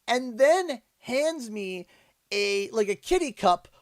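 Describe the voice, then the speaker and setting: A man with a Canadian accent, hosting a livestream and telling a casual story in an animated, exasperated way. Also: extremely high pitch, slow pace, dry recording, studio quality. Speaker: livestream host. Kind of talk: casual storytelling while streaming.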